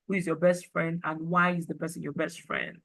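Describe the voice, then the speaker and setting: A woman's voice: sits low, little pitch movement, brisk, vocal fry, fairly bright tone, low-quality recording. A Nigerian woman teaching an online class, chatty and encouraging, slipping into pidgin.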